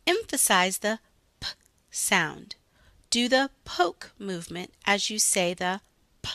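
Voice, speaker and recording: Woman, teacher-style tutorial narration, clear careful phonemes, animated rising and falling voice. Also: mid-range voice, slow pace. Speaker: reading teacher demonstrating a website. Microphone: voice-over.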